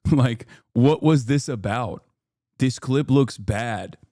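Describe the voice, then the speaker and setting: A man's voice: medium pitch, very slow, warm tone, dry recording, clean studio sound. A man livestreaming in casual commentary, ranting in a heated, profane and rambling way while he answers his chat. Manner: reads chat messages aloud and answers. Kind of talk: casual reactive stream commentary.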